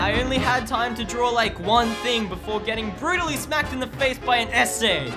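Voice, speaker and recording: A late-teen guy tells a comedic story with a bouncy, wide-swinging voice, leaping from mock-dramatic outbursts to muttered sarcastic asides. His pitch rises and falls a lot as he jokes. Background music plays under his voice the whole time. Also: moderate pace. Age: late teens. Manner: animated, sarcastic, jumps between mock-dramatic shouts and low mumbled asides. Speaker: animator and YouTuber.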